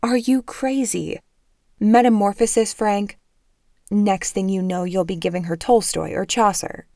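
A woman's voice: mid-range voice, a little slow, gravelly, a little mellow, no echo. Female narrator as exasperated middle-aged mom, emphatic scolding, audiobook, dry. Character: exasperated middle-aged mother, sharp-tongued and loud.

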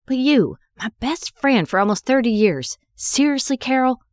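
A woman's voice: fairly low pitch, animated, brisk, no echo, clean studio sound, lightly acted. A woman voicing a betrayed woman who speaks in clipped, bitter lines while furious and wounded. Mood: angry.

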